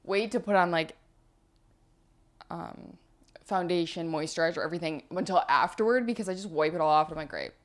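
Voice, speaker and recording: Pausing often, a young woman with a lowish voice talks fairly quickly as she co-hosts a podcast. She chats casually and tells stories, acting out the quotes.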